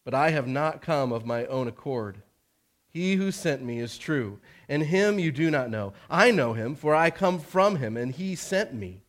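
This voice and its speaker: A man reading aloud the words of a calm, authoritative male teacher in a measured, plain way. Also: fairly high pitch. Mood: solemn.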